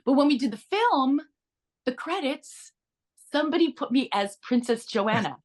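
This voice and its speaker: A middle-aged woman, an actress being interviewed, telling anecdotes in a chatty, animated way, often restarting her sentences and adding asides. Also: sits high, moderate pace. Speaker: actress guest.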